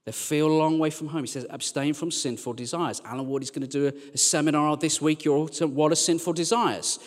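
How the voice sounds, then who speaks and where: A man preaching a sermon as a church team leader, chatty and joking, then turning quiet and earnest. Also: on the high side, steady tone, fairly quick, big-room sound. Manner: conversational and joking, dropping to quiet earnest lines.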